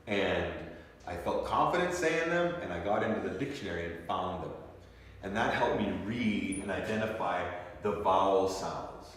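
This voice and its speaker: A man's voice: mid-range voice, a little hiss or hum. A man teaching a language class, explaining syllables and sounds and checking in often with the students. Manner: checks in often with "okay?" and "you see?". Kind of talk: classroom lesson. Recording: echoey classroom from far off.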